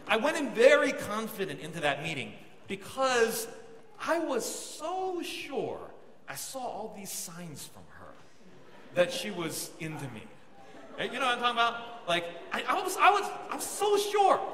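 A young man, a pastor, telling a self-mocking comic story during a sermon in a large church hall. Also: sits high. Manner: animated, self-mocking storytelling with quoted asides. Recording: echoey hall, audience noise.

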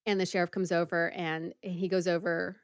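Lively woman podcaster telling a story. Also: lowish voice, fairly quick, clear, resonant tone, no echo, clean studio sound. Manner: lively storyteller, many "like" fillers, acts out the people in the story. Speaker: podcast co-host. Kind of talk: casual chat, telling a story.

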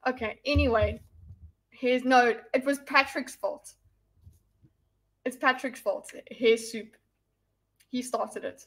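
A woman's voice: a little high, unhurried, bright, forceful tone. A woman chatting casually on a livestream, rambling and restarting her sentences as she answers viewers.

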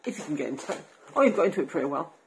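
A woman's voice: low-pitched, big pitch swings, very fast, gravelly, a crowd in the background, rough recording. A middle-aged woman chatting cheerfully in a family vlog, presenting gifts with frequent giggles. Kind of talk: casual family vlog chat.

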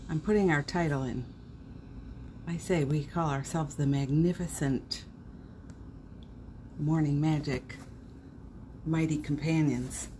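A middle-aged woman chats through a morning live stream, greeting each viewer by name with gushing warmth. Her voice sits low and she talks at a slow, drawn-out pace. A faint hum of noise sits behind her. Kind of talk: casual live-stream chat.

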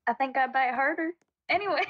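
Woman, very high pitch, slow and drawn out, giggly and flustered, lo-fi voice chat. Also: no echo. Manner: giggly, shy and flustered, lots of laughing. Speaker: game player in voice chat. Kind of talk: flustered banter in game voice chat.

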